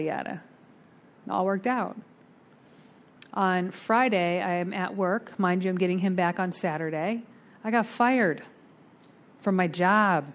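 A middle-aged woman telling her recovery story at a twelve-step meeting, candid and animated, acting out the voices of the people in it. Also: medium pitch.

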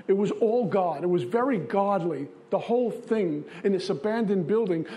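High-voiced man. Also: a little mellow. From Brooklyn, New York. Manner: earnest, repetitive, confessional. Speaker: recovery speaker. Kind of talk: recovery testimony talk.

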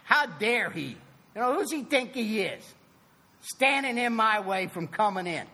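Slow, lively man telling his story. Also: high voice, in a large hall. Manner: animated storytelling, acting out both sides of dialogue; emphatic, swings from loud to soft. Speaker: recovery meeting speaker. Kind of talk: personal recovery testimony.

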